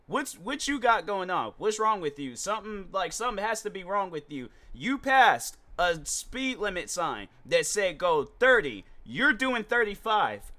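A condescending traffic cop , as a podcast host puts him on, talking down to a driver in a raised, sharp voice. He sneers and badgers with mocking questions, sounding bright and pushy. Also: high-pitched, very animated, unhurried, few pauses, voice pushed up, full character voice. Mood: scornful. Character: rude, belittling male traffic cop.

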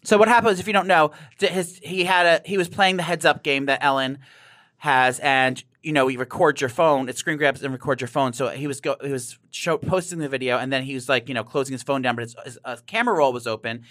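A man chatting casually with a co-host, campy and self-deprecating, talking in an animated way. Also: medium pitch, fairly quick, no echo, clean studio sound. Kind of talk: casual chat.

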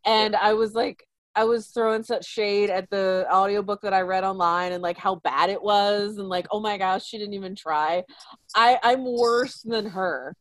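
A woman's voice: medium pitch, steady tone, normal speed, no room sound. A woman co-hosting a podcast in casual chat, self-deprecating and laughing often. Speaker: podcast co-host.

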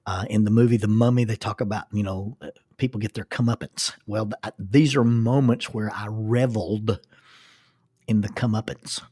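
A middle-aged man tells a personal story in a rambling, self-deprecating way, often restarting his sentences. His voice sits a little low and has a husky edge. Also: fairly even intonation, moderate pace, dark tone.

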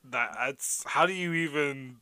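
A man co-hosting a podcast, animated and giggly, talking loosely and saying "like" a lot. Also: mid-range voice, a little slow, smooth, no echo. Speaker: podcast co-host. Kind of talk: casual chat.

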